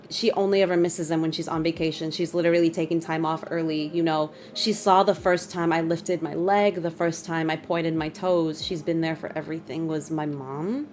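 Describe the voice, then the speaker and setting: A young adult woman streamer chatting casually with her viewers, emotional and quick to laugh. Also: sits low, a little mellow. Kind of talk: casual live-stream chat. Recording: faint music behind.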